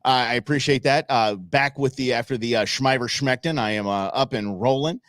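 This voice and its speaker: A man hosting a live show, commenting on videos in an animated, joking way. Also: medium pitch, moderate pace, dry recording, studio quality. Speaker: host.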